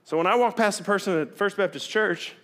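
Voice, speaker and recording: A middle-aged man, preaching a sermon in a candid, conversational way that swings from loud to hushed. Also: high-pitched, brisk. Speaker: pastor.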